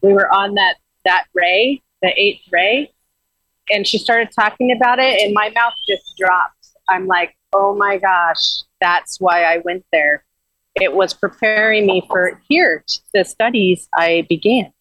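A woman's voice: mid-range voice, a little slow, fairly bright tone, dry recording, poor audio. A woman guest earnestly recounting a spiritual journey in casual, rambling talk with frequent restarts.

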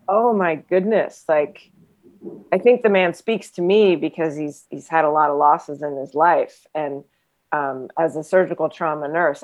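A woman's voice: low-pitched, darkish tone, low-quality recording. A woman in casual conversation, a former trauma nurse and body therapist who talks reflectively, rambling with many fillers.

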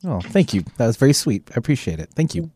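A man's voice: medium pitch, sing-song, quick pace, mellow. A man who works as a radio station's technical producer, giving short, affectionate and bashful replies in casual on-air banter.

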